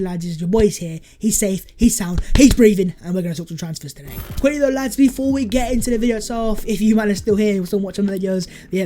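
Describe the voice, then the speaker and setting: A young man, talking fast and hyped in a football fan vlog, calling his viewers lads. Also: high voice, mellow. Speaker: football vlogger.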